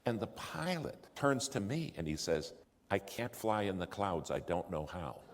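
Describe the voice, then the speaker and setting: A man's voice: low voice, expressive, measured pace, a little hiss or hum. A man preaching in a storytelling way, animating the voices in his story, recorded in a large hall. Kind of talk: storytelling sermon. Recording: long hall reverb.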